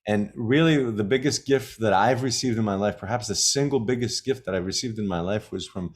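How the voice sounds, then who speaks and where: A man's voice: on the low side, brisk, husky. A man teaching about energy work in a casual talk, emphatic and fond of repeating key phrases. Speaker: shamanism teacher.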